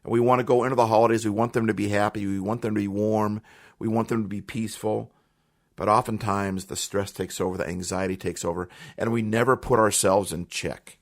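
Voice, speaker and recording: Earnest low-voiced man with a gravelly edge. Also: fairly even intonation, a little fast. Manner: earnest, emphatic, repeats phrases for effect. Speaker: podcast host. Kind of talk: motivational podcast monologue.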